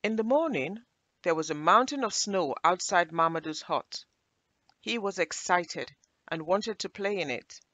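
A woman reads a children's story aloud, her voice rising and falling with lively, animated expression. The recording sounds close and dry, with no room echo around her. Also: fairly low pitch, unhurried.

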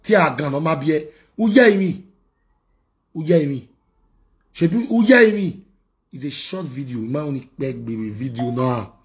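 Fiery Nigerian man ranting with a higher voice. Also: expressive, normal speed, pauses often. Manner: heated, warning and scolding. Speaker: blogger. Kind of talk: ranting vlog monologue.

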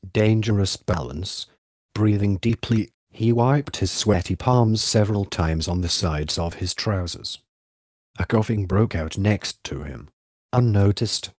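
Deep-ish male narrator reading a novel, steady and even, dry sound. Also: dry recording. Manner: measured, even storytelling. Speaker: audiobook narrator. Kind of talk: literary audiobook narration.

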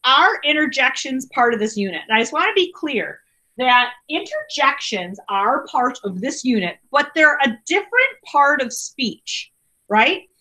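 A woman's voice: high-pitched, sing-song, measured pace, sharp tone. A woman teacher giving a chatty grammar lesson to her class over a video call, saying okay a lot. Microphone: computer mic on a video call.

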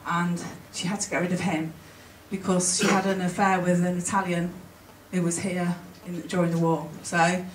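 In a conference hall, a woman with a lowish voice gives an emotional, conversational presentation marked by halting restarts. The far-off mic captures the spacious room, faint ambience, and slight background noise.

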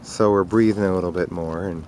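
A man narrating a casual home video outdoors in a riverside park, chatting in a rambling way and calling to his dog in a high voice, recorded on a handheld camcorder. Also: fairly even intonation, fairly quick, darkish tone. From Minnesota. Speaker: dog owner filming outdoors. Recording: faint outdoor noise.

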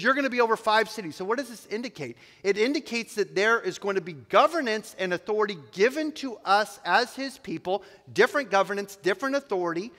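Male pastor, high voice, expository preaching, church hall reverb. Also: fairly bright tone. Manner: expository preaching, reading scripture aloud. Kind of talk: sermon. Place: church sanctuary.

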